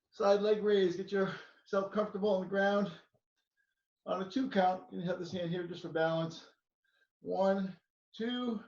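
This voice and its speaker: A male fitness instructor counting slow exercise reps and joking between counts. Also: high voice, vocal fry, echoey room, far from the mic, dull audio. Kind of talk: counting reps in a workout class.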